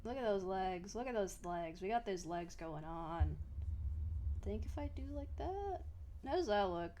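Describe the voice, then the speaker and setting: A woman's voice: mid-range voice, animated, normal speed, warm tone, slight background noise. A woman from Australia chatting casually to her live stream viewers while she draws, giggling and muttering to herself as she works.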